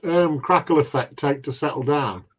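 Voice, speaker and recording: Husky, giggly man in banter. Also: fairly high pitch, normal speed, fairly bright tone. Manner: giggly, teasing, laughs often. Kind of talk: casual banter.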